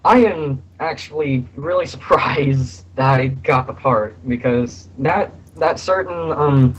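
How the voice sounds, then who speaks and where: A young man being interviewed about voice acting, talking in a halting way with many fillers, a little hoarse from being sick. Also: mid-range voice, low-quality recording. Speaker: voice actor guest. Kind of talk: casual interview on a voice call. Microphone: voice call.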